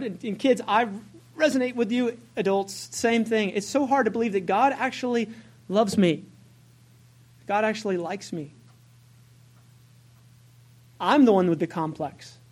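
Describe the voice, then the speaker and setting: A woman's voice: on the high side, a little mellow. A woman preaching a sermon in a conversational way, asking the congregation questions and correcting herself as she goes.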